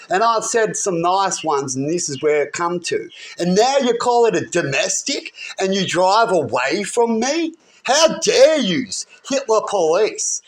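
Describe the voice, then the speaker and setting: A man ranting heatedly to camera, rambling and often asking "right?". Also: high voice. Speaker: vlogger. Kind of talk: agitated personal rant.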